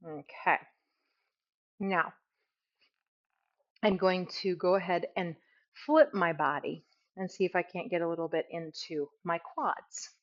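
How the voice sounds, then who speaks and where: A woman's voice: fairly low pitch, steady tone, unhurried, long pauses, lo-fi sound. A woman teaching a yoga class, giving casual, self-deprecating cues while she moves through the poses. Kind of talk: guided yoga instruction.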